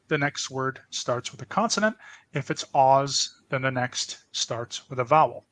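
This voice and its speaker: Slow, bright-voiced man explaining grammar. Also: fairly high pitch, no room sound, rough recording. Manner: patient, step-by-step explaining. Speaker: language presenter. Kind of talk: explanatory language lesson.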